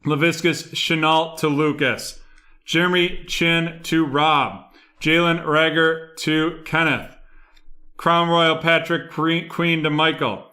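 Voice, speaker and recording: Bright-voiced man reading off a rundown. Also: on the high side, slow pace. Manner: rattles off names and buyers in a steady rundown. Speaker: card break host. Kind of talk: live stream card break rundown.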